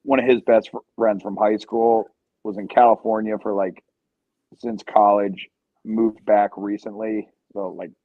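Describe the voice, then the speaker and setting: A man's voice: fairly low pitch, flat delivery, measured pace, no echo, phone-quality sound. A man in his thirties from Ohio, talking as a podcast guest in a rambling, profane, joking way. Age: 30s. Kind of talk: casual podcast chat.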